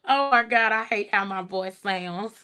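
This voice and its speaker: Bright-voiced Texan woman hosting a livestream. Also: medium pitch, clean tone. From Texas. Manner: chatty, reads viewer comments aloud with laughter; relaxed and soft-spoken. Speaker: livestream host. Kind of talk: casual livestream chat.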